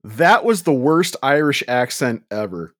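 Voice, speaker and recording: A man's voice: medium pitch, sing-song, a little slow, faint music behind. A man co-hosting a casual movie review podcast, teasing and joking. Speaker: podcast co-host and editor.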